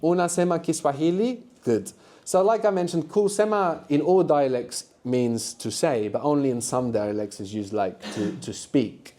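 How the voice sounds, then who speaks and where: Mellow-voiced man teaching a language class. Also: fairly high pitch, lively intonation, moderate pace. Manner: patient, encouraging, explains step by step. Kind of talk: live classroom workshop teaching. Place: university classroom.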